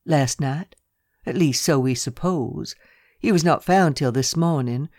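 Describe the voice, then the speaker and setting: A calm young male secretary in a recorded novel, talking in a low, matter-of-fact way, as the narrator puts him on. His voice sits at an ordinary pitch, and the recording is dry and close. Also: measured pace, dry recording, close to an everyday voice. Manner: low, steady, businesslike delivery. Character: young male private secretary, cool and businesslike. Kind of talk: audiobook character reading.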